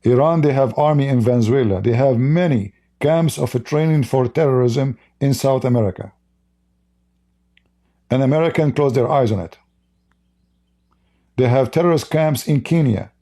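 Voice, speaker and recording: Broken non-native English marks this man's live stream, where he reads viewer chat and mocks it in a blunt, heated way. His mellow, mid-range voice moves at normal speed with long pauses.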